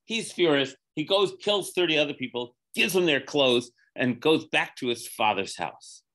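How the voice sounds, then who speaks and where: A man, a rabbi, reading scripture aloud to a class and breaking off for wry asides, voicing the quoted speakers with lively emphasis. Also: fairly high pitch, normal speed. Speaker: rabbi teaching a Torah class. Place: class with a live group.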